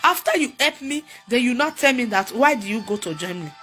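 Woman, Nigerian accent, crying, pleading, higher voice, loud music underneath. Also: animated, fairly quick. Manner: pleading, repetitive, emotional. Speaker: mother pleading for help. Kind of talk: tearful public appeal.

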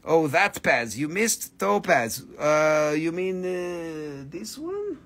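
High-voiced joking man selling crystals live. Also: slow pace, a bit bright. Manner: joking, playful, breaks into silly voices. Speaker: live-stream crystal seller. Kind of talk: casual live sales stream.

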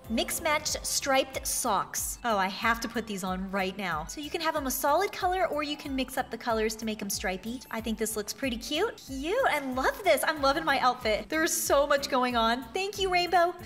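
A woman giving excited gameplay commentary as a YouTuber, bubbly and gushing, with frequent gasps of delight. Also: sits high, moderate pace, soft background music. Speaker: YouTuber showing items in an online game.

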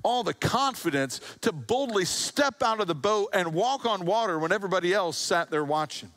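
Animated, joking preacher, man. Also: high voice, normal speed. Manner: animated storytelling preacher, acting out quotes with humor. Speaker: pastor. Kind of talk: sermon.

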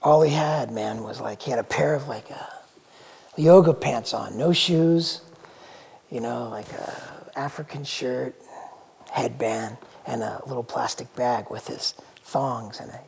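Gravelly middle-aged man reminiscing. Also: mid-range voice, unhurried, darkish tone. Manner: rambling, heavy use of "you know". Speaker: jazz drummer interviewed for a documentary. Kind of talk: relaxed reminiscing anecdote. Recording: long hall reverb.

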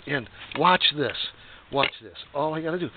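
Folksy DIY guy, mid-pitched, rambling how-to chatter; tinny phone-like sound, mic far off. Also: lively intonation, normal speed, a little hiss or hum. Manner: folksy, rambling, joking asides. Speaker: DIY motorcycle repair vlogger. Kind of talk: casual how-to demonstration.

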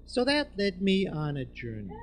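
A man telling a personal story in a live storytelling performance, moving between hushed and emphatic delivery. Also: sits high, wildly swooping pitch, normal speed, slight background noise. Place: live event venue with audience.

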